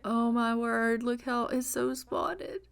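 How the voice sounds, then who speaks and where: A woman's voice: on the high side, completely flat delivery, slow, gravelly, clear, resonant tone. Bubbly woman gushing over her game. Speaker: gaming channel host. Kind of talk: let's play commentary.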